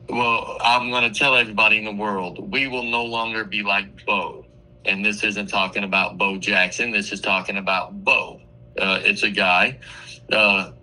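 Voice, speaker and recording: A man, a comedian guest on a radio show, telling a crude, profane story in a casual, animated way. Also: lowish voice, poor audio. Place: radio studio.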